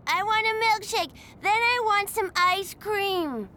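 A woman voicing a demanding little red-haired boy who shouts in a shrill, whiny voice. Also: slow, a little hiss or hum, heavily acted.

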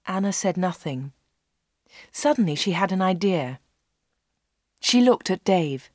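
A woman reading a storybook aloud as narrator, slow and clear, voicing the dialogue. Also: on the low side, animated, no echo, studio quality.

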